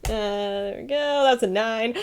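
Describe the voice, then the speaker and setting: A woman's voice: on the high side, measured pace, slight background noise. A woman playing a tabletop game, thinking aloud while she rolls a check. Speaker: player. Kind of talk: casual chat.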